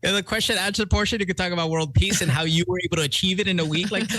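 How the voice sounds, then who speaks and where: A man's voice: high-pitched, fairly even intonation, pushed and bright. A man hosting a morning radio show, joking and ranting playfully in casual banter. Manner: playful, ranting, quick jokes. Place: radio studio. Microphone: studio microphone.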